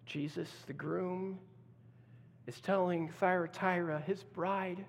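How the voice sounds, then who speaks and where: A man's voice: fairly high pitch, takes it slowly, vocal fry. Male pastor delivering a dramatic sermon with acted-out quotes, in a church sanctuary with a long hall reverb. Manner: dramatic, acts out quoted voices, swings from loud to hushed.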